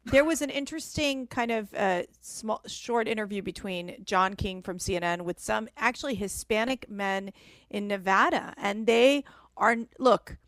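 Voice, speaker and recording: A woman's voice: mid-range voice, moderate pace, fairly bright tone, dry recording. A woman co-hosting a talk radio show, emphatic and opinionated. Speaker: radio co-host. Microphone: studio microphone.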